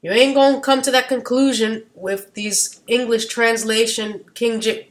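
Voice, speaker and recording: A woman vlogger talking casually, wandering off into side rants, losing her train of thought, and getting loud at times. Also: fairly high pitch, measured pace. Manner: animated, gets loud at times. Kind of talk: casual rambling monologue.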